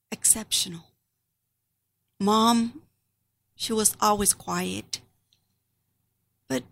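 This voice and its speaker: A woman's voice: mid-range voice, creaky, a bit bright. A middle-aged woman giving an earnest, grieving personal testimony about her family.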